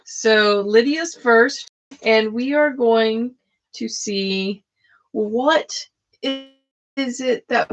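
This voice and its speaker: A woman's voice: on the high side, vocal fry. A woman, hosting a live tarot stream and chatting casually with viewers, laughing often. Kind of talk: casual live-stream chat with card readings. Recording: dull lo-fi stream audio.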